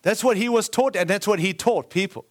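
This preacher has a high voice and a brisk delivery, turning his sermon into a lively story. He acts out quoted lines and keeps breaking off to correct himself or toss in an aside.

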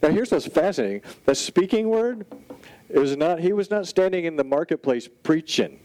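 A man preaching a sermon in an animated, conversational storytelling style, full of casual asides. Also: fairly high pitch, normal speed, dry recording, rough recording. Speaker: pastor.

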